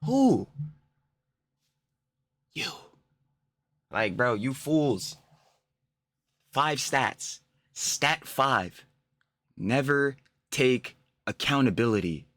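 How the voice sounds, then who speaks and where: A man's voice: mid-range voice, big pitch swings, very slow, pauses often, a bit bright, no echo. A young man giving profane, mocking reaction commentary, ranting and laughing. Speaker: commentary YouTuber.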